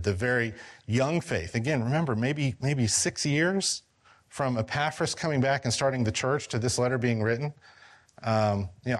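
Man teaching a church Bible class. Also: medium pitch. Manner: conversational, many restarts and fillers. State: losing his voice. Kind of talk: casual Bible study teaching.

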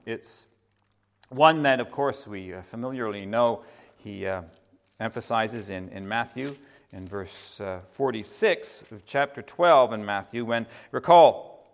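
A man preaching an evening sermon, earnest and halting, often restarting his sentences and dropping into soft asides. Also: on the low side.

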